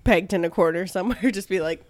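A woman co-hosting a chatty podcast, animated and laughing, with the hiccups. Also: mid-range voice, quick pace, dry recording. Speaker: podcast co-host. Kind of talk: casual chat.

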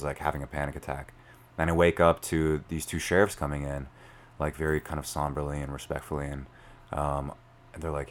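A man, telling a story as a podcast guest in an animated way, full of fillers. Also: rumbling low. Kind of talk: storytelling in conversation.

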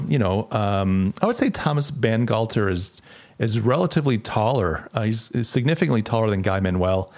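A man's voice: lowish voice, a little mellow. A middle-aged man hosting a podcast, talking casually and reflectively on his own, with many restarts. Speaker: podcast host. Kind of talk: casual solo podcast monologue.

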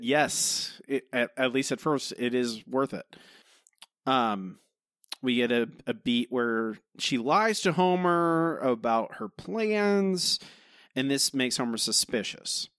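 A man's voice: medium pitch, animated, slow pace, fairly bright tone, no room sound, clean studio sound. A man co-hosting a podcast, critiquing an episode in rambling, casual chat full of fillers and restarts. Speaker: podcast co-host.

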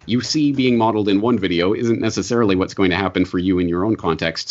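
A man answering as a podcast guest, talking in a measured, explanatory way with frequent "uh" and "um". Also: lowish voice, breathy edge. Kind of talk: conversational interview answer. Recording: dull lo-fi podcast audio.

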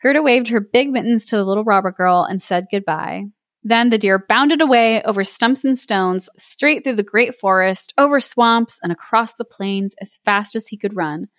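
A podcast co-host reads a fairy tale aloud and chats, her delivery lively and playful with little character voices. She speaks at an ordinary middle pitch and a moderate pace. The recording is dry and close, with no sense of a room.

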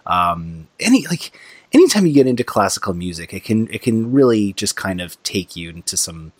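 A man hosts a podcast, asking his guest questions in an easy conversational tone. He has a lowish voice, and the close recording sounds dry with no room echo. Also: big pitch swings, moderate pace. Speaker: podcast host. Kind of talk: casual interview.

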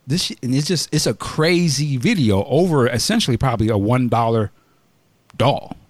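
A man hosting a podcast, retelling a news story in casual chat and acting out quoted shouting. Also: medium pitch, animated, moderate pace, dry recording. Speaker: podcast host.

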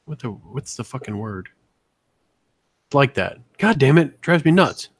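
Dry-sounding, loose-talking podcast host. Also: male voice, mid-range voice, expressive, unhurried, husky, dry recording. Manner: loose, swearing, filler-heavy. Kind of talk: casual banter.

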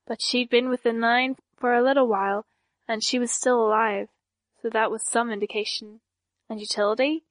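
A woman narrates a first-person audiobook at a steady, even storytelling pace. Her voice sits a little high. The recording is close and dry, with no room echo.

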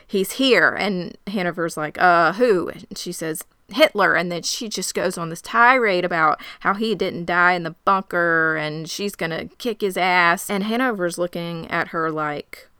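A woman co-hosting a podcast, retelling a scene in lively casual storytelling. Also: lowish voice, normal speed, few pauses, clean tone, no room sound, studio quality. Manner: animated storytelling, quoting characters. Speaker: podcast co-host. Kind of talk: casual recap chat.

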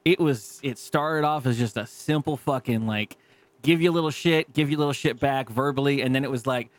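This man in his thirties, a podcast co-host, speaks at medium pitch and a little fast in a dry recording. His casual chat is full of profane stories, acted-out quotes, and frequent laughter.

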